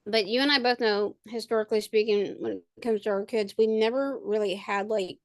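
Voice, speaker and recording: A woman's voice: mid-range voice, steady tone, brisk, dry recording. A woman chatting casually on a video call, rambling with lots of fillers and restarts. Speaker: podcast co-host and parent. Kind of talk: casual chat.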